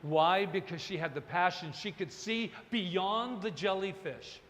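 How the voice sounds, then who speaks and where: A man preaching a sermon as minister, animated and digressive, with joking asides to the congregation. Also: sits high, measured pace, in a large hall, slight background noise. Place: church service hall.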